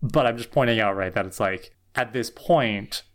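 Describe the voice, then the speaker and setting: Man podcast co-host, lower pitch, casual, tired and reflective. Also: moderate pace. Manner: thoughtful, tired, says "right?" and "like" a lot. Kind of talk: casual recap chat.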